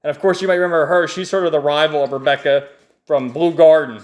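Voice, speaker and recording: Chuckling excited man recapping a comic. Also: a little high, quick pace. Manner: enthusiastic, chuckling often, rambling restarts. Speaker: manga reviewer. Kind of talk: casual page-by-page recap.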